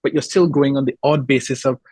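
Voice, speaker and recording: A man talks as a podcast guest, slipping into the voices of the people in his workplace stories. His voice is husky and breathy. The sound is close and dry, with no room around it. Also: medium pitch, fast, no echo. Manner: animated storyteller acting out quoted people. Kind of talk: casual interview chat.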